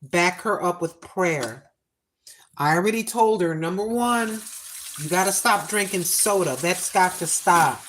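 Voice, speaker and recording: A woman in her sixties hosting a cooking livestream, chatting in a folksy way and repeating her points slowly for emphasis. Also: lowish voice, a bit bright, a little hiss or hum. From United States. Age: 60s. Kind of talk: casual livestream chat.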